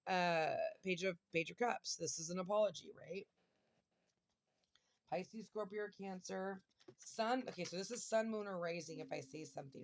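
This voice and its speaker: A middle-aged woman doing a casual tarot reading, talking emotionally and exclaiming, close to tears at times. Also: mid-range voice. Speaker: tarot reader.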